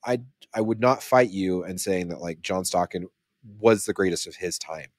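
A man with a fairly low voice co-hosts a casual podcast. He rambles through figures, restarts and corrects himself as he goes. The sound is dry and close, with no room around it. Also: moderate pace, dry recording. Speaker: podcast co-host. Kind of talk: casual chat.

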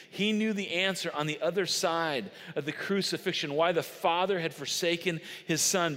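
A man preaching a sermon, swinging from loud emphatic lines to hushed, slow ones. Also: fairly high pitch. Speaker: pastor. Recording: hall reverb.

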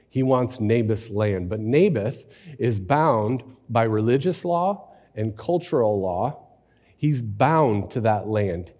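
A man preaching a sermon, telling the story conversationally with animated rhetorical asides. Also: medium pitch, in a large hall. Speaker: pastor.

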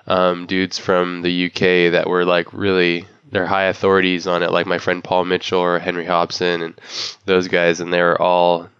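A man's voice: low voice, completely flat delivery, normal speed, hardly any pauses, a bit bright, smooth, dry recording. An American man hosting a podcast, chatting in an easygoing, laid-back way. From United States. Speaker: podcast host. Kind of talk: casual interview chat. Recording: dull, muffled sound.

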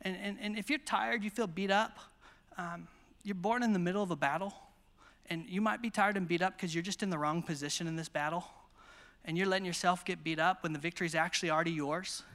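An American pastor preaches at a conference, energetically telling stories and acting out the quotes. His voice sits high and moves a little fast, echoing in a large hall.

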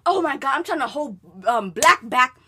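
Animated bright-voiced woman telling a story. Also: high-pitched, moderate pace, slight background noise. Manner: animated, profane, rising to shouting as she relives anger. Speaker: podcast co-host telling a story. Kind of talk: casual storytelling chat.

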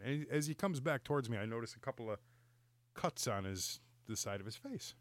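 A middle-aged man telling a story in casual podcast chat, exasperated and animated, laughing and apologizing for swearing. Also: mid-range voice, fast, no echo.

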